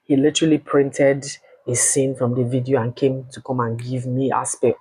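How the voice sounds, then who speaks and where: A woman with a Nigerian accent telling a personal story in a casual, blunt and animated way, swearing freely. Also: a bass voice, normal speed, husky, no echo, poor audio.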